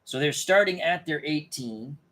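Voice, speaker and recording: A man's voice: a little high, lively intonation, unhurried, sharp tone. A man casually thinking aloud as he plays a tabletop dice game, often muttering and correcting himself. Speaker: tabletop game player and channel host.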